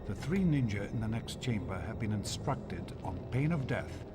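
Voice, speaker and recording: A man's voice: on the low side, expressive, normal speed, natural voice. A man voicing a grave, commanding mentor character training a young warrior in a video game. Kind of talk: game cutscene voice acting. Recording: game audio with loud background noise.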